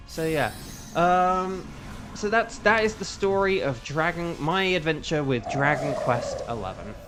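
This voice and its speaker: Streaming a game, a male voice actor with a slightly high, fairly bright voice talks casually to his viewers over the gameplay. His chat is rambling and self-aware, packed with fillers.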